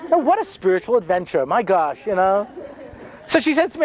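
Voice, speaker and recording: Animated man telling a comic story. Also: high-pitched, fairly quick. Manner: animated, comic, dry sarcasm, frequent "you know". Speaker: rabbi giving a talk. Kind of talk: humorous storytelling lecture.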